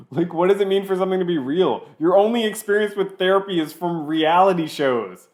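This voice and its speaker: A man's voice: sits high, expressive. A man commentating on a video he is watching, mocking it sarcastically and stopping it to make his points. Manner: sarcastic, pausing the clip to mock it. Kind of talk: reaction commentary.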